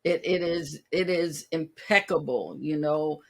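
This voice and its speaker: A woman's voice: deep voice, a little slow. A woman hosting an interview, asking questions and affirming her guest by repeating her praise. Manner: warmly affirming, repeats for emphasis. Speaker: podcast host, interviewer.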